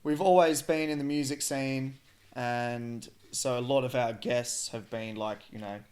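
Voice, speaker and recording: Laid-back podcast host. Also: male voice, medium pitch, steady tone, darkish tone. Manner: laid-back, halting, many fillers. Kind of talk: casual chat.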